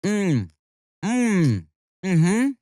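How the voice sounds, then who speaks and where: Man, food podcast host, eats and talks at once, bawdy humor, lively swinging pitch, dry close sound. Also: very slow, no room sound. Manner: crude, jokey, laughs often; talks through mouthfuls of food. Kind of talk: casual food podcast chat.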